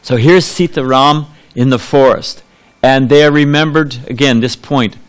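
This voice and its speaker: A man delivers a sermon in a temple hall, with a voice of ordinary middle pitch. He talks casually and loosely, with frequent restarts and side remarks as he tells a story to his listeners. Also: normal speed, clear, resonant tone. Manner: conversational, rambling with asides and restarts. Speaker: preacher.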